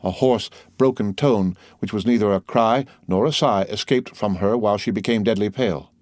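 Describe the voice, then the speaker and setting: A man narrates a classic novel as an audiobook, measured and dramatic. His voice is on the low side and the recording is dry and close, with no room sound. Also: darkish tone, no room sound.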